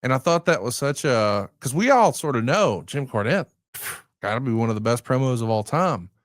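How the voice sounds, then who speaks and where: Male podcast co-host, dry close sound, animated storyteller who leads into questions. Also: medium pitch, normal speed, no echo. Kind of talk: casual podcast chat.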